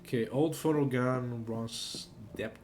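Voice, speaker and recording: A man's voice: medium pitch, slow, a little mellow, a little hiss or hum. A tipsy man giving rambling, self-mocking commentary while playing a story game, stumbling over his words. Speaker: gamer playing a narrative game. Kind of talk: casual gameplay commentary.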